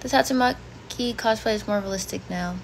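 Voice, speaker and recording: A woman's voice: mid-range voice, fairly quick, creaky, a little hiss or hum. A woman in her twenties on a casual home livestream, reading chat comments aloud and reacting bluntly. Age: 20s. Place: bedroom at home.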